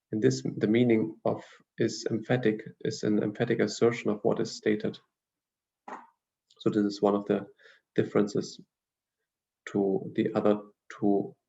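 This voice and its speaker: Male language teacher, dark gravelly tone, steady explanatory lecture, muffled lo-fi audio. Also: fairly low pitch. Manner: measured, explanatory, with frequent fillers and restarts. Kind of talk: lecture reading grammar notes.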